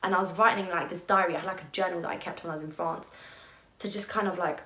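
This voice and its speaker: Young woman, vlogger, candid emotional storytelling, slightly low voice, roomy echo. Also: steady tone, quick pace, a bit bright. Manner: candid, emotional retelling with frequent "like" and swearing. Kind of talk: storytime vlog. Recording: echoey room.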